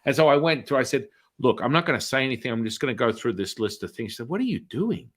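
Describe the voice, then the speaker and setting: A man's voice: medium pitch, fast talker, a bit bright. A middle-aged man, a spiritual healer, telling a story in a casual interview and acting out the voices of people in it.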